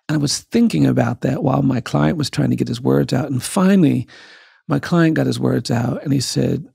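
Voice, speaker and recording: A man, a lawyer, telling a personal story as a podcast guest, speaking in a measured, earnest way and building emphasis through repetition. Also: mid-range voice, vocal fry, dark tone, husky, dry recording, studio quality.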